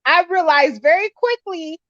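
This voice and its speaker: A woman's voice: very high-pitched, normal speed, dry recording. A woman guest on a casual panel chat, talking bluntly and swearing as she tells stories. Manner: blunt, animated storytelling, swears. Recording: dry dull lo-fi call audio.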